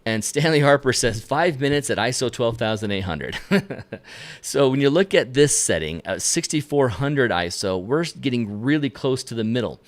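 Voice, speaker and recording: Energetic man teaching on a live stream. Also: mid-range voice, moderate pace. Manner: energetic, talks to viewers directly with self-directed asides. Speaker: photography instructor. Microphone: camera lens mic, at a desk facing the camera.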